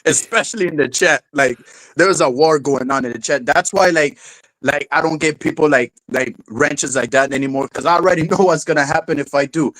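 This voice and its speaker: A man's voice: fairly high pitch, brisk, a bit bright, no room sound, poor audio. A man hosting a casual livestream chat, talking loosely in slang and laughing often. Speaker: livestream host.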